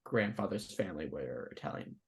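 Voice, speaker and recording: A young man co-hosting a podcast, chatting casually in a relaxed, hesitant way with many fillers. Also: low-pitched, a little fast, slightly rough. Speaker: podcast co-host. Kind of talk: casual chat.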